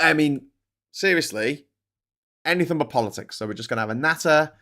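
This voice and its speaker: A man with a Scouse accent hosting a political livestream, talking in an excitable, sweary, rambling way. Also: on the high side, a little fast. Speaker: livestream host. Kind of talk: casual political livestream chat.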